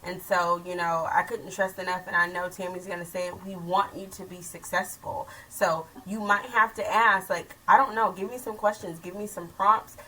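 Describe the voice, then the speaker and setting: A woman's voice: on the low side, steady tone, moderate pace, hardly any pauses, sharp tone, far from the mic, a little hiss or hum, low-quality recording. A woman hosting a casual school talk show for parents, chatty with many asides. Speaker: host.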